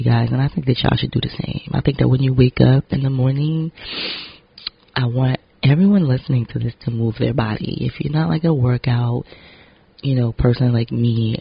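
A man with a raspy, gravelly voice, speaking to camera in a loose, candid vlog ramble. His language is blunt and sprinkled with swearing. The audio sounds a little dull and lo-fi. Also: mid-range voice, fairly even intonation, brisk. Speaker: vlogger and actor. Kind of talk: casual vlog monologue.

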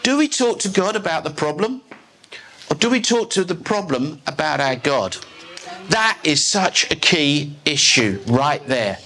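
A pastor preaches live to his church, a man with a fairly high voice and a bright, forceful edge. He drives each point home in emphatic, declarative sentences. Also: expressive, unhurried, slight background noise. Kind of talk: live sermon. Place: church service.

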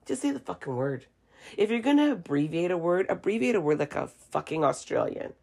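Low gravelly-voiced blunt woman. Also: very animated, a little fast, dark tone. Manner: blunt, opinionated, swears freely. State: has a cough. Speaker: vlogger. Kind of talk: casual opinion monologue.

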